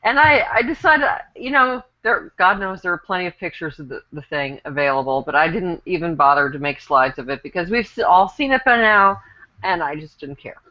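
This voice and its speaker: A woman's voice: lowish voice, lively intonation, fairly quick. A woman presenting a topic on a panel show in a dry, sarcastic way. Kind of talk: casual panel chat. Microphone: video call. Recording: lo-fi online call audio.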